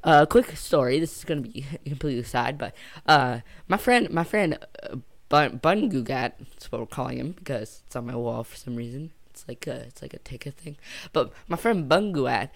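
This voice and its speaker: A man's voice: mid-range voice, expressive, normal speed, gravelly. A young man telling a casual storytime for his channel, rambling and jokey, often trailing off and circling back. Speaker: YouTuber.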